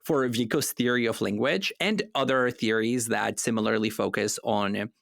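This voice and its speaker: A man's voice: lowish voice, normal speed, creaky, a bit bright, no echo, studio quality. A man co-hosting a casual philosophy podcast, explaining ideas at length and laughing easily. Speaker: podcast co-host.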